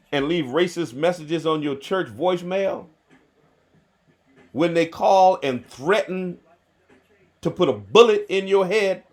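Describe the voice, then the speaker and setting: A man, a bishop hosting a livestream, talking slowly and emphatically, repeating firm denials and answering viewer comments. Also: high voice. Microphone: livestream to phone or computer.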